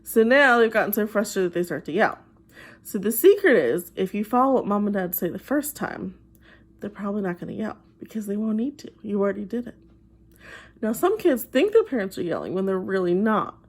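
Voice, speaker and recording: A woman's voice: mid-range voice, big pitch swings. A woman who works as a behavioral therapist, talking to the camera and patiently explaining advice to children. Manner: gentle and patient, acts out parents' voices in quick asides.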